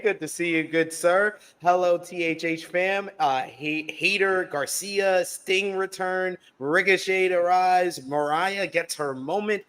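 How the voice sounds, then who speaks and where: Upbeat male podcast host, a touch higher voice, casual live-stream banter. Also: a bit bright. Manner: upbeat, reads live chat aloud.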